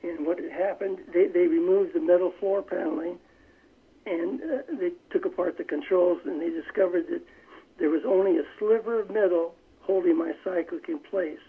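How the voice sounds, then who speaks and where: An older man tells a story over a tinny phone line, his voice high for a man and rough with gravel. He talks in a measured way and often restarts his sentences as he goes. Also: fairly even intonation. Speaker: phone-in guest. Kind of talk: recounting a war memory in an interview. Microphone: telephone.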